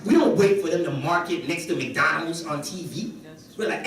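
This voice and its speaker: A man from the Caribbean gives an animated conference talk on business, bantering with the crowd. His voice sits high for a man. He is heard from a distance in a very echoey hall. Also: a little fast, slight background noise. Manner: animated, joking with the audience. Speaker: conference speaker.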